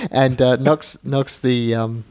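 A man's voice: mid-range voice, very slow, crowd noise. A man casually retelling film scenes on a podcast, with frequent laughs and filler words. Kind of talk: casual film review chat.

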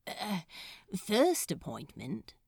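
A woman reading a story aloud and voicing a weary, self-mocking male demon in a soft, half-whispered voice. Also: medium pitch, lively intonation, takes it slowly, creaky, no room sound, studio quality, exaggerated voice. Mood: flustered.

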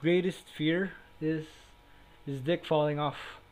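Young male podcast co-host, foul-mouthed and giggly, voice sits a touch high. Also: fairly even intonation, slow pace, a little mellow, poor audio. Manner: profane, joking, self-deprecating, laughs often. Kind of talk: casual crude chat. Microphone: remote call, cutting in and out.

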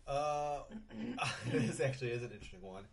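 A middle-aged man co-hosting a relaxed podcast conversation. He rambles through his points with frequent ums and restarts, dropping the odd curse word, in a voice of ordinary pitch. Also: normal speed, creaky. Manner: rambling, many ums and restarts, swears casually. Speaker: podcast co-host. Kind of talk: casual chat.

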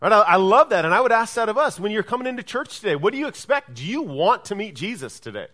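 A man's voice: sits high, very animated, fast talker, bright, forceful tone. A male pastor preaching a sermon, who keeps checking in with listeners by asking "right?" and acts out the quoted speech in his story. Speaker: lead pastor.

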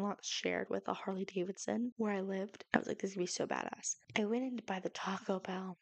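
Young woman podcast host, casual sitcom recap, gravelly vocal fry, dry close mic, self-deprecating. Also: mid-range voice, steady tone, brisk, few pauses, no echo. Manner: chatty, profane, self-deprecating, frequent likes.

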